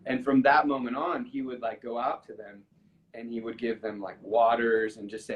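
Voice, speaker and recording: Earnest man telling a story, halting. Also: mid-range voice, level tone, muffled recording, a little hiss or hum. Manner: halting, with frequent restarts and fillers; earnest, gets emotional while telling a story. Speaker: musician. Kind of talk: casual live-stream chat, storytelling. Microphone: video call from a phone or computer.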